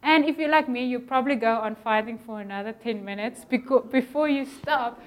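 A middle-aged woman preaching a conversational sermon in a church, animated and chatty, acting out little scenes and sometimes dropping her voice to a near whisper. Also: on the high side, fairly quick. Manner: animated, conversational, acts out voices in quotes, drops to a whisper at times.

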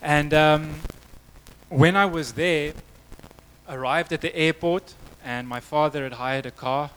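A man's voice: a little high, takes it slowly, a bit bright, a little hiss or hum, low-quality recording. A man preaching a sermon, telling a story in a conversational way before moving to prayer. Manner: storytelling, conversational with acted quotes.

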